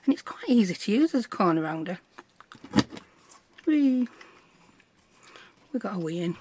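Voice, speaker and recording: A woman's voice: fairly low pitch, animated, racing, noisy background. A middle-aged woman, chatting through a crafting tutorial in a bubbly, self-deprecating way. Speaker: craft vlogger.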